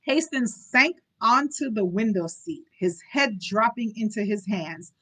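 A woman's voice: medium pitch, unhurried, few pauses, bright, forceful tone, poor audio. Chatty woman reading a novel aloud. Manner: giggly, chatty, apologetic asides. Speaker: book club host. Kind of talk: live read-aloud with chatty commentary.

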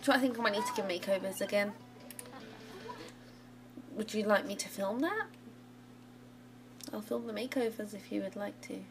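A woman's voice: medium pitch, gravelly. Woman gaming host, casual chatty commentary over game music. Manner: chatty, giggly, cheering on the game. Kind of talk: casual let's play commentary.

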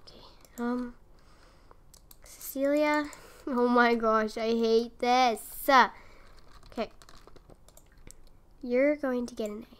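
A woman's voice: fairly high pitch, steady tone, slow, pauses often, clear, resonant tone. A young woman giving casual gameplay commentary, often exasperated and talking to the characters on her screen. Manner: exasperated, talks to the game characters. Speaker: gaming video creator.

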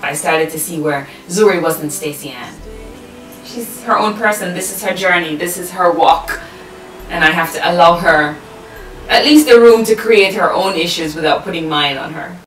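A woman's voice: fairly low pitch, moderate pace, fairly bright tone, roomy sound, distant mic, soft background music, rough recording. A woman telling her life story in an interview, frank and emphatic, swearing freely, with lyrical phrasing. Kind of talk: candid personal storytelling.

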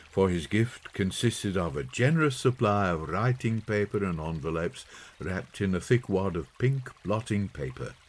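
A man reading a children's story aloud in an expressive, unhurried way. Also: low voice, breathy edge. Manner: slow, lively expressive reading. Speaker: audiobook narrator. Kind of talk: storybook narration.

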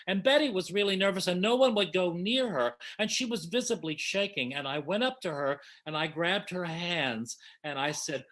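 Speaking at normal speed with hardly any pauses, this man in his 70s has a high, expressive and fairly bright voice. Reunited with his original castmates over a video call, he tells them affectionate, emotional stories, restarting as he goes.

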